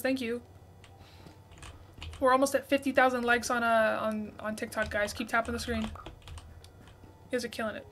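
A woman's voice: fairly high pitch, moderate pace, pauses often. Young woman streaming a game, chatty. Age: 20s. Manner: reads out viewer messages, thanks gifters excitedly. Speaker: livestream host. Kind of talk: casual livestream gaming chat.

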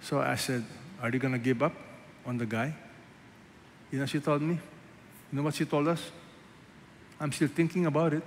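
A man preaching a sermon as a pastor, asking the congregation rhetorical questions and swinging between loud emphasis and hushed asides. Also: medium pitch, normal speed, long pauses, slight background noise. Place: large church hall. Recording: echoey church hall, faint ambience.

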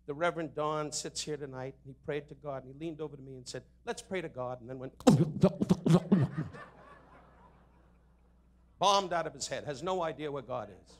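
A man at a benefit dinner in a hotel ballroom, delivering an insult comedy roast in rapid jabs and mock-sincere asides into a podium microphone. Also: fairly high pitch, a bit bright. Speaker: comedian roasting the guest of honor.

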